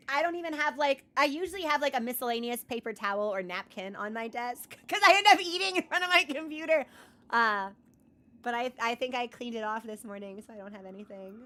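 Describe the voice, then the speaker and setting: A woman's voice: a little high, a little fast, bright, forceful tone. A young woman livestreaming from her computer desk, talking casually and earnestly to her viewers with lots of restarts and "like"s. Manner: rambling, earnest, with many restarts and "like"s. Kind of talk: casual chat to stream viewers.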